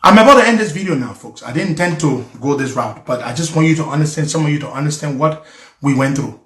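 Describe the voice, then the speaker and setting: Man, emotional and pleading, pitched high, recorded in a roomy echo. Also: lively intonation, fast talker, fairly bright tone. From Liberia. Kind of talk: impassioned monologue to followers.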